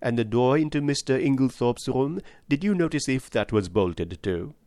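A man reading an audiobook, voicing a calm, precise elderly male Belgian detective with a put-on French-tinged accent. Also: medium pitch, normal speed, dry recording, natural voice. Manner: precise, placid, calmly probing.

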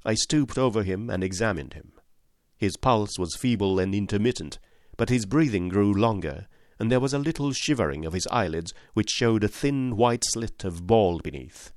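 A man narrating a classic story in an expressive, dramatic reading style. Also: on the low side, moderate pace, no room sound, clean studio sound. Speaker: audiobook narrator.

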